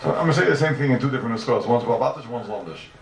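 A man teaching a Talmud class in a lively lecture style, repeating questions and mixing in Hebrew and Aramaic terms. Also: medium pitch, rapid-fire, vocal fry, a little hiss or hum. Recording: echoey room, mic from far off.

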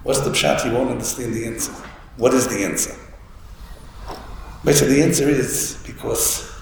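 A man's voice: medium pitch, creaky, darkish tone. A man giving a Torah lecture, telling a story with many restarts and Hebrew and Yiddish terms. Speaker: rabbi giving a Torah talk. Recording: echoey hall with faint room noise.

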